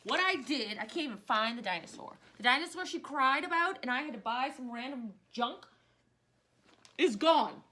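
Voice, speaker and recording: A woman in her thirties teaching a history lesson in a chatty, casual way, often veering off into animated personal rants. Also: high voice, normal speed. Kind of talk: casual recorded history lecture.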